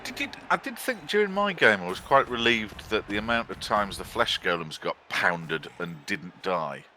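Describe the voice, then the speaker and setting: A man's voice: fairly low pitch, very animated, normal speed, sharp tone, a little hiss or hum. A man co-commentating a video game in a chatty, teasing way.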